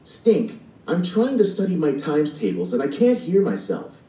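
Man voicing a bossy schoolgirl sister, storybook, lively pitch, echoey and distant. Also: measured pace. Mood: teasing.

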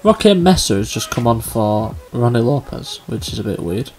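Young man, excitable, chatty game commentary, mid pitch, faint music behind. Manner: chatty, excitable, quick laughs and exclamations. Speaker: gaming YouTuber.

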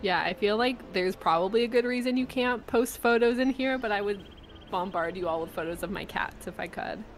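Relaxed chatty young woman. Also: mid-range voice, a little fast, soft background music, rough recording. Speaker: stream guest. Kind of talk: casual chat.

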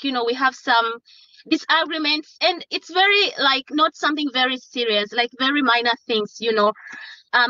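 A woman speaking to a court from inside a car, her high, bright voice coming through dull, lo-fi call audio. She pleads haltingly and restarts her sentences often. The sound is close and dry. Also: no echo. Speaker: witness and mother in a court hearing. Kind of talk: courtroom testimony by video call.

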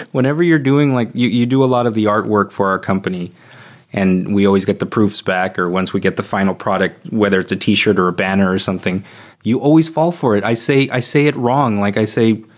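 A man's voice: fairly low pitch, a little fast. A man in his thirties hosting a casual podcast, talking in a dry, teasing way. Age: 30s. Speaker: podcast host.

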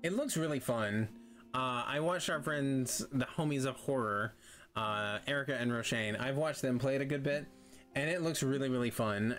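A man reading a game aloud and chatting about it in a relaxed, rambling way with lots of fillers. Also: medium pitch. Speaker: gameplay streamer. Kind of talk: casual let's-play commentary.

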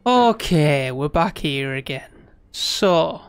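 A man streaming live gameplay, frustrated and swearing, then coaxing himself to stay calm. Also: on the high side, takes it slowly, clean tone.

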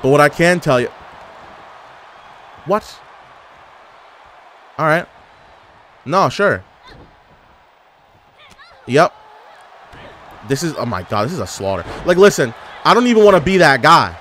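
A young man giving casual, animated gameplay commentary as a gaming YouTuber, trash-talking and exclaiming. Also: on the high side, slow, pauses often, a little hiss or hum. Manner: animated trash talk, frequent laughs and exclamations.

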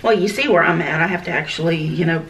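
A woman's voice: fairly low pitch, fairly bright tone. A woman guesting on a food video, chatting casually and laughing often. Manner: giggly, slow and drawn-out. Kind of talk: casual chat while eating. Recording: distant mic, background noise.

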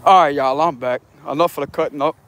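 A man's voice: on the high side, steady tone, quick pace, a bit bright, a little hiss or hum. A man who reads tarot, walking a wooded trail outdoors and chatting to his viewers in a laid-back, slangy, profane way, often laughing. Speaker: tarot reader. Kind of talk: casual walking vlog.

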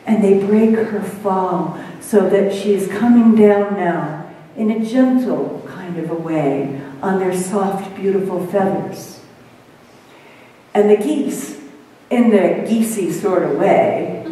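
Woman minister, slow dramatic storyteller, mellow tone, echoey church hall. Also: medium pitch, far from the mic, a little hiss or hum. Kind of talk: storytelling sermon. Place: church sanctuary.

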